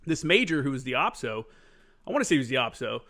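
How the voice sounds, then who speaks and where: A man's voice: mid-range voice, sing-song, fast talker, fairly bright tone. A man hosting a podcast, a former Marine sergeant, chatting candidly and swearing casually. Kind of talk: casual chat.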